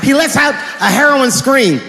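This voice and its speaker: A man doing stand-up comedy, telling stories in an animated way and slipping into character voices. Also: extremely high pitch, unhurried, gravelly, music in the background. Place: live stage before an audience. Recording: live hall recording with crowd ambience.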